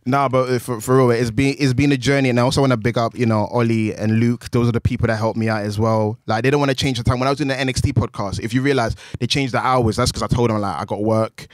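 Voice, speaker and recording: A young man with a London accent talks at a rapid clip into a close microphone that picks up almost no room. His delivery is animated and loose, peppered with street slang. The sound is dry and intimate. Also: mid-range voice, no echo. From England. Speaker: guest, wrestling news presenter. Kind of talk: casual podcast chat.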